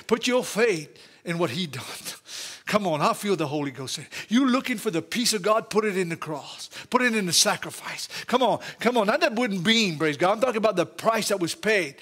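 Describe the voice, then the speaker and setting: A man with a Louisiana Southern accent preaches in a church, his voice sitting high for a man. He speaks with fervent energy and keeps breaking into praise God and hallelujah. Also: expressive, normal speed, a bit bright, husky. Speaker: pastor. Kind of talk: Pentecostal-style sermon. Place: church sanctuary.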